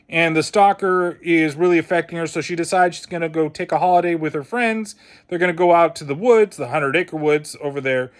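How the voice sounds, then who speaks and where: A man with a somewhat higher-pitched voice talks through a film review in a loose, casual way. He is blunt and swears constantly, and his delivery has a scornful, mocking edge. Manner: blunt and heavily profane.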